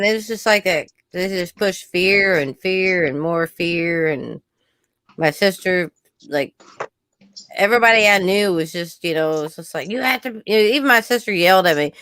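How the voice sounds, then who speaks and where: Woman, co-host, casual chat, unhurried, laughs easily, dry close sound. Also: medium pitch, dry recording. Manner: laughs often, relaxed, swears casually.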